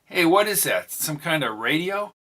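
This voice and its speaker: A man's voice: on the high side, very animated, normal speed, sharp tone, voice pushed up, heavily acted. A man reading an audiobook, voicing a forward, curious young baseball fan from the 1920s. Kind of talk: audiobook character voice.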